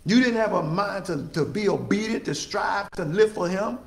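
High-pitched preacher guy, drawn-out emphatic lines, roomy echo. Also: gravelly. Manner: call-and-response preaching, drawn-out emphatic phrases. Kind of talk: sermon.

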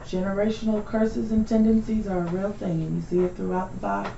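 A woman's voice: mid-range voice, fairly even intonation, fast, vocal fry, dark tone, reverberant, muffled recording, slight background noise. A woman taking part in a Bible study group discussion, speaking thoughtfully and passing along comments from others. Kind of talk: group discussion, reading aloud.

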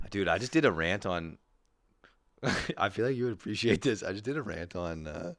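Animated ranting man, dry close sound. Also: low-pitched, no echo. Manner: animated ranting, swears a lot, laughs often. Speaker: podcast host. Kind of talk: casual profane comedy chat.

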